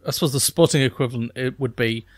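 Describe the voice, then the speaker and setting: Clean studio sound, no echo: a male podcast co-host with a mid-range voice talks fast and loosely. He laughs a lot and leans heavily on fillers, especially "like," in this casual chat.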